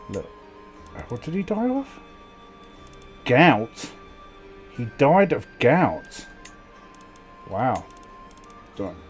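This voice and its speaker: A man's voice: medium pitch, a little mellow. A man casually commentating a strategy game, sleepy and yawning, reading event text aloud with wry muttered asides. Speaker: gameplay commentator.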